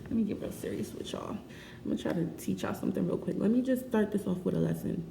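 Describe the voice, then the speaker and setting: A woman vlogs casually in a lowish, warm, expressive voice with vocal fry, keeping a moderate pace. She's frank and chatty and laughs often in this candid talk, recorded in an echoey room with faint ambience and a little hiss or hum.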